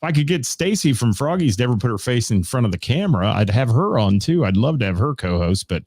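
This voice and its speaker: A man's voice: medium pitch, big pitch swings, fast talker, few pauses, a little mellow, no room sound, clean studio sound. A middle-aged man hosting a live-streamed radio show, rambling casually with lots of fillers as he greets viewers by name. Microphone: studio mic.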